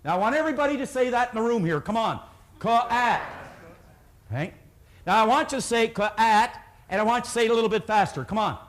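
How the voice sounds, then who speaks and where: A man with a notably high voice speaks to a live room as a motivational seminar speaker. He tells stories and has the audience repeat words back to him. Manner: storytelling, leads the audience in call-and-response.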